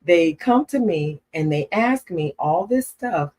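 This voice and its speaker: Animated laughing woman telling a story. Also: lowish voice, unhurried. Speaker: co-host. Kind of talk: casual chat.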